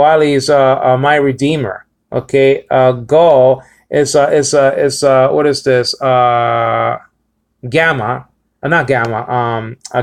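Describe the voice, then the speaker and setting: Guy teaching a language lesson, kinda high voice, lots of uhs and restarts, drags out words to sound them out. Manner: halting, many fillers and restarts, slows to sound out words.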